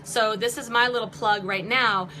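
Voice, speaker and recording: A woman in her forties talks through marketing tips on a live stream from home, chatty and upbeat with quick jokey asides. Her voice is bright and a little high. A faint noise sits under the webcam recording. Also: fairly even intonation, rough recording. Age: 40s. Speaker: vlog host and online marketing coach.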